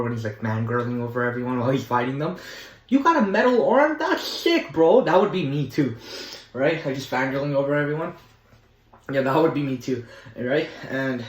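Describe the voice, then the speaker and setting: Young guy vlogging, rambly and excited, lots of um and like, echoey room. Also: mid-range voice. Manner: rambling and enthusiastic, with many fillers. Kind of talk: casual chat.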